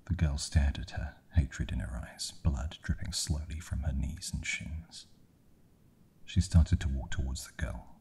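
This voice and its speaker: Very deep whispering man telling stories. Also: slightly rough. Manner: slow, hushed reading. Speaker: ASMR storyteller. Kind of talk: whispered ASMR storytelling.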